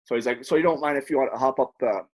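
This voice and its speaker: A former hockey player tells long, rambling stories on a podcast, talking very fast in a mid-range voice. He's an animated, profane storyteller with a casual style.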